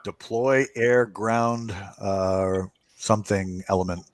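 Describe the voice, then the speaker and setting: A man narrating a tabletop game as game master, halting with many fillers and restarts while he describes the scene. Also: on the low side, fairly even intonation, no echo.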